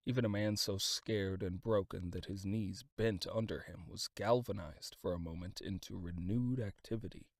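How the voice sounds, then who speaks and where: A man reading a classic novel aloud as an audiobook, in a dramatic, expressive style of scripted narration. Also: deep voice, moderate pace, hardly any pauses, dry recording, clean studio sound.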